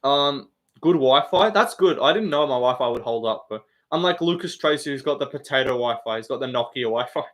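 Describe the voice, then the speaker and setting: A man's voice: mid-range voice, animated, brisk. A man hosting a casual live stream, bantering with the chat, swearing often and laughing.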